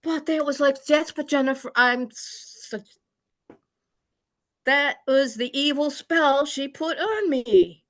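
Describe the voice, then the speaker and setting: A woman on a video call sharing a personal story with an online study group, halting and full of restarts, acting out remembered scoldings. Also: sits high, fairly bright tone.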